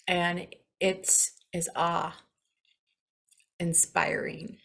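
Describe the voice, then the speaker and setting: Spiritual talk host, woman, 40s; unhurried, heartfelt delivery, gravelly edge. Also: on the low side, flat delivery. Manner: slow, earnest, gently emotional, with soft laughs.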